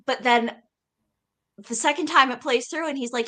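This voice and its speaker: A woman co-hosting a podcast in casual chat, enthusiastic and quick to laugh. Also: high voice. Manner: animated, enthusiastic, laughs easily. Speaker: podcast co-host.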